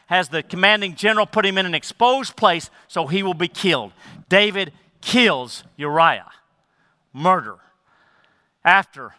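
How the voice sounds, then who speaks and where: A man preaching a sermon as pastor, speaking emphatically and then dropping into soft, low asides. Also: smooth, no room sound.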